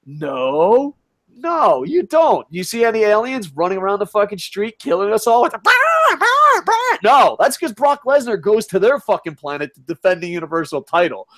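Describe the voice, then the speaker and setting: A young man with a fairly high voice rambles through casual wrestling chat. He swears constantly and gets more excited the longer he talks. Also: fast talker, few pauses. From United States. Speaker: podcast co-host.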